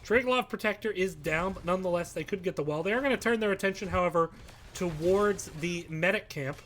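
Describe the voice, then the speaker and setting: A man giving live play-by-play commentary on an esports match, calm between plays and shouting with excitement at big fights. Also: high-pitched, brisk, a little hiss or hum. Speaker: esports caster.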